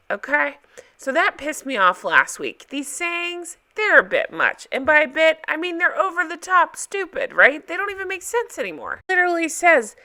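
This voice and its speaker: A woman chatting casually to her viewers as she recaps a reality show, talking in an animated way and jumping from one topic to the next. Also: sits high. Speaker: recap vlogger.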